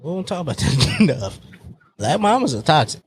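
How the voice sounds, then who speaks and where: A man chatting casually as a podcast co-host, animated and laughing often. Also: fairly quick, husky, no echo. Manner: animated, laughs often, swings his pitch widely. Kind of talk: casual chat.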